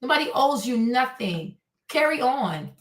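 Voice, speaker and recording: A woman's voice: high voice, big pitch swings, measured pace, far from the mic. A woman hosting a livestream, ranting in a blunt, profane and sarcastic way, often breaking into laughter. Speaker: livestream host. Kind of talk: casual commentary rant. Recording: roomy sound, voice off-mic.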